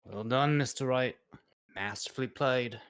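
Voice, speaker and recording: A woman voicing a big, calm male acrobat in a wheelchair, reading game dialogue in a measured, courteous, resigned way. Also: very deep voice, noisy background, voice pushed down. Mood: composed. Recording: game music playing behind.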